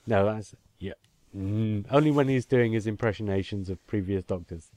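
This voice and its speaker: A man's voice: on the low side, fairly even intonation, moderate pace, darkish tone. A man, co-hosting a casual podcast chat and reading listener emails aloud. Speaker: podcast co-host.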